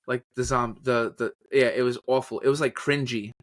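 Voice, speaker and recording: A man chats loosely about his work, full of energy and quick to jump into impressions. His voice sits at a middle pitch. The sound is dry and close, with no room around it. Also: no room sound. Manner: animated, slips into trailer and character voices. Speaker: podcast guest, voice actor and journalist. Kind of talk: casual storytelling interview.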